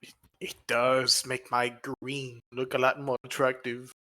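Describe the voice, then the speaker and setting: A woman's voice: rumbling low, level tone, unhurried, bright, forceful tone. A woman player in a tabletop game, joking and giggling through casual banter.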